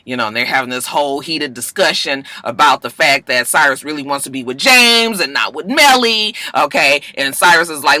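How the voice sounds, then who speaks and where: A woman's voice: low voice, expressive, moderate pace, hardly any pauses, sharp tone, no room sound. A woman vlogger recapping TV episodes in a sassy, chatty way, often tossing in "okay?" and acting out characters' lines. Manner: acts out characters' lines in shifting voices. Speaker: TV review vlogger.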